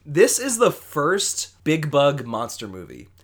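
A young man co-hosting a movie podcast, talking in a relaxed, rambling way full of fillers. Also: on the high side, takes it slowly. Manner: relaxed, rambling, lots of fillers, easy laughs. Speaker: podcast co-host. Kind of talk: casual movie podcast chat.

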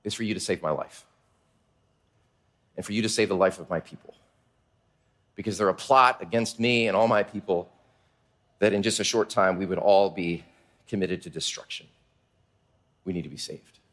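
A man voicing a desperate young queen, speaking in a hushed, low, pleading tone. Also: normal speed, long pauses.

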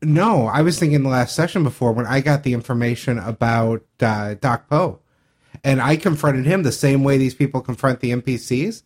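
Measured man on a gaming podcast. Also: medium pitch. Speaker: podcast co-host and player. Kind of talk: casual podcast chat.

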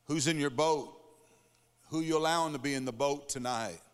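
A preacher with a fairly high voice delivers a sermon, building emphasis through rhythmic repetition. His words ring out in a church sanctuary with a long, trailing reverb. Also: normal speed, clean tone.

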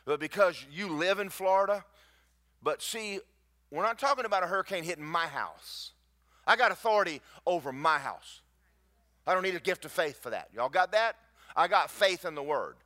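Animated preacher, bright and lively. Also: male voice, high-pitched, moderate pace. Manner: animated, rising to near shouts at peaks, folksy asides to the congregation. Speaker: pastor. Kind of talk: sermon. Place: church sanctuary.

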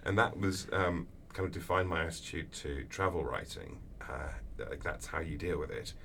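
A man answering interview questions as an author, telling lively anecdotes with acted-out voices. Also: rumbling low, normal speed, vocal fry. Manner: animated storyteller, acts out voices in anecdotes. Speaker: author guest. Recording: distant mic with faint background noise.

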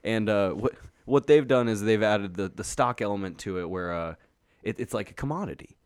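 A man's voice: fairly low pitch, a little fast, darkish tone, smooth, no room sound, clean studio sound. A young adult man co-hosting a podcast in casual chat, rambling with fillers and restarts. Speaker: podcast co-host.

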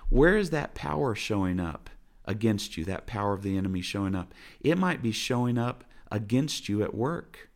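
A man's voice: on the low side, lively intonation, moderate pace. A man preaching a sermon from his family's dinner table, earnest and exhorting, driving points home with repeated phrases. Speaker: pastor.

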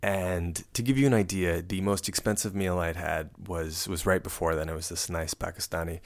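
A man's voice: low-pitched, steady tone, moderate pace. A young man casually recounting a travel mishap, rambling and self-mocking, often laughing as he tells it. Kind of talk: casual storytelling to camera.

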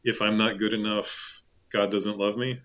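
A man's voice: lowish voice, level tone, moderate pace, a bit bright. A man co-hosting a podcast in casual chat, rambling with restarts. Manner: rambling, many restarts, laughs often. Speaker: podcast co-host.

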